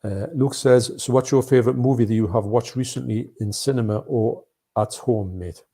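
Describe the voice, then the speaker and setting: Gravelly, husky man chatting. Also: medium pitch, normal speed, warm tone. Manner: rambling, chatty, reads out viewer comments. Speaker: co-host of a live movie chat. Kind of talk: casual live-stream chat.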